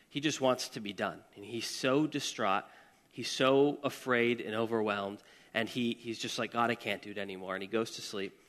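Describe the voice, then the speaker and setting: In a church service hall, a pastor preaches a chatty, casual sermon, tossing asides and questions to the audience. His voice is on the low side and fairly bright, with a big-room sound.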